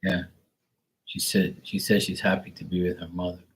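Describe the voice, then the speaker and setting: A young man with a very low, deep voice gives a live psychic reading. He talks in a loose, rambling way, piling up fillers and casual swear words as he searches for the right phrase. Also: level tone, moderate pace. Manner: rambling, hesitant, filler-heavy with mild profanity. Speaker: psychic tarot reader.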